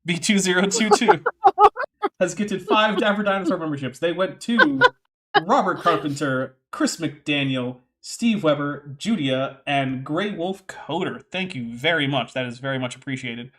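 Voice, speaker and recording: A man's voice: a little high, big pitch swings, a little slow, fairly bright tone. A man hosting a casual commentary stream, reading text aloud with wry, sarcastic asides. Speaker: host.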